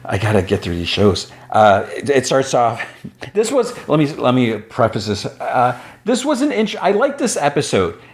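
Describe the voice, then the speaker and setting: A man hosting a podcast, recapping an animated episode in a chatty, rambling way with lots of fillers and restarts. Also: medium pitch, normal speed. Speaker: podcast host.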